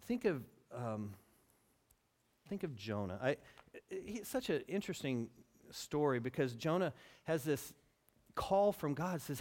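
A pastor preaching a sermon, acting out quotes and building to near shouts. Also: male voice, on the high side, a little slow. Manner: animated, acts out quotes, rises to near shouting.

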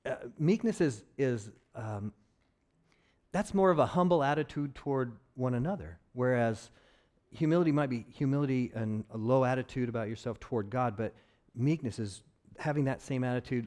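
A man's voice: medium pitch, lively intonation, normal speed, mellow. A man preaching a conversational sermon as pastor, with joking asides to his congregation.

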